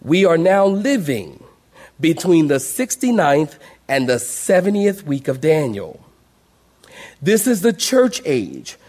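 A middle-aged male pastor delivering an emphatic sermon. His voice sits a little high for a man, and it surges into loud declarations and then drops low and quiet as he speaks to the congregation. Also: sing-song, slow pace. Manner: emphatic preaching, rising and dropping sharply, addressing the congregation.

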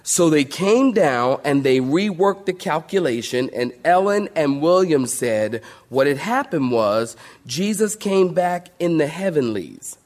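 A man's voice: on the high side, a little mellow. A male pastor preaching a sermon to a congregation, emphatic, calling out to the saints for responses.

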